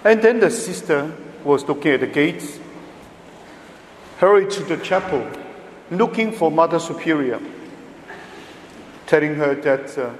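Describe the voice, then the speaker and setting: Slow-spoken priest in an echoey church. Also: male voice, fairly high pitch, animated, a little hiss or hum. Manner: slow, emphatic, pausing often, non-native phrasing. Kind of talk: homily at Mass. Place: large church. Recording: echoey church with long reverb.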